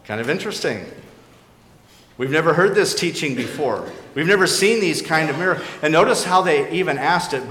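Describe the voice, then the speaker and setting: Pastor preaching in an echoey church hall. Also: male voice, fairly high pitch, expressive, a little fast. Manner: earnest, questioning, drops to a quiet emphasis. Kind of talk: sermon. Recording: echoey hall with faint background noise.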